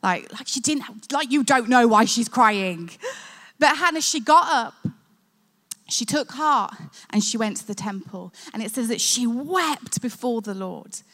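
Woman pastor, earnest conversational sermon, high bright voice, church hall reverb. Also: lively intonation, a little slow. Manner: earnest, conversational preaching with prayer.

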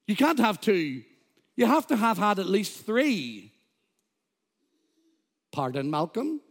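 High-voiced man preaching a sermon. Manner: emphatic preaching with scripture quotes and humor. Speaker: pastor. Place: church.

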